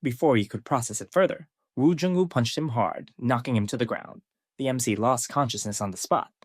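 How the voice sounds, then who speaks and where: A man narrating a scripted story recap in a steady storytelling way. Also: medium pitch, fairly quick, breathy edge, no room sound, clean studio sound.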